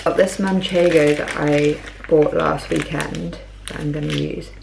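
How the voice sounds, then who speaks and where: A young woman vlogs casually about her day at home, showing off food and clothes with chatty, matter-of-fact commentary. Her voice is low with vocal fry, fairly even in intonation and a little slow. Noticeable background noise runs through the recording.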